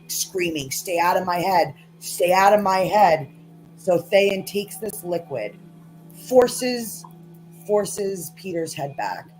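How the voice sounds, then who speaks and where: A woman narrating as game master in a tabletop game, casual and halting with many fillers. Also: low-pitched, darkish tone, low-quality recording.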